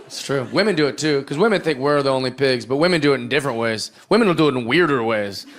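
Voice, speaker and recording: A man doing a stand-up comedy set on a club stage, profane and animated, acting out the voices of others. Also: medium pitch, fast talker. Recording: audience laughter throughout. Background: crowd laughing.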